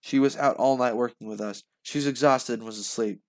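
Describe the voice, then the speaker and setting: A man reading a novel aloud and voicing a calm adult monster hunter who reassures a boy. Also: medium pitch, brisk, lightly acted.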